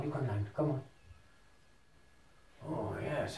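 A man, vlogging casually as he sets up VR at home and talks to himself excitedly. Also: fairly high pitch, a little slow, gravelly, pauses often, distant mic. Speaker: tech vlogger. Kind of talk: casual vlog commentary while setting up VR. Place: house with rooms on two floors. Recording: roomy home room, voice often off-mic.

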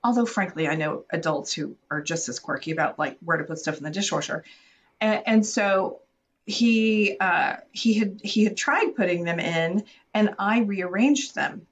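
A woman in her forties tells a story on a parenting podcast and pokes fun at herself. Her voice is mid-pitched and easy. A faint hiss sits under it. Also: moderate pace, dull audio. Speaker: podcast co-host. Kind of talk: casual parenting chat.

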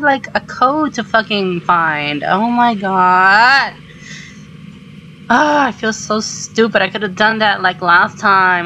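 A woman commenting on her own gameplay, excitable and swearing, with startled shrieks. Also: mid-range voice, muffled recording, slight background noise. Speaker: gamer. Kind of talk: let's play commentary.

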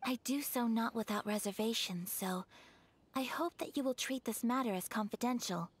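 A woman voicing a poised young noblewoman from a powerful clan in a game, speaking in a formal, measured way. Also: a little high, breathy edge. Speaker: game character.

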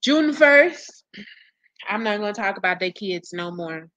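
A woman's voice: mid-range voice, animated, measured pace, fairly bright tone, no room sound. A woman hosting casual commentary for her viewers, blunt, profane and exasperated as she gossips. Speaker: commentary channel host.

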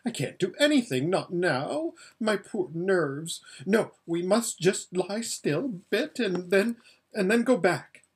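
A man voicing a frightened, whimpering young noblewoman in a storybook reading, squeaky and tearful. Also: animated, slow, breathy edge, full character voice. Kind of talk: storybook read-aloud.

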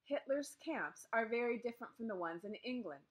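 A woman's voice: fairly high pitch, expressive, a little fast, voice pushed up, natural voice. A woman voicing a stubborn, guarded teenage refugee girl who speaks bluntly in a storybook reading. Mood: wary, bitter. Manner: earnest, blunt and defiant.

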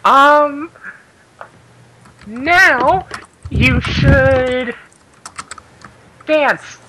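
Slow, bright-voiced playful woman player. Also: high voice, a little hiss or hum, poor audio. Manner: playful, giggly, drawn-out speech. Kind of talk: casual game chat.

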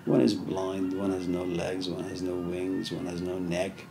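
A man's voice: low voice, completely flat delivery, measured pace, vocal fry, music in the background. A man giving an informal philosophy lecture, talking conversationally with many "you know"s and story asides.

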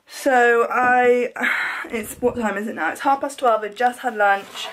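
A woman's voice: on the high side, slow. Bubbly woman vlogging. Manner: chatty and bubbly, with sighs of frustration. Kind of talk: casual vlog chat to camera.

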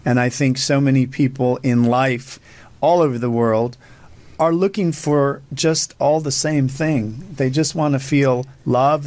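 A male host asking calm, reflective interview questions. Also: medium pitch, no room sound. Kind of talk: interview conversation.

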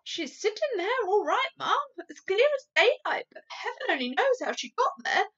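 A woman voicing a flustered, scolding middle-aged maid who shouts shrilly. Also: very high voice, very animated, normal speed, lo-fi sound, pitched above the performer's own voice, full character voice.

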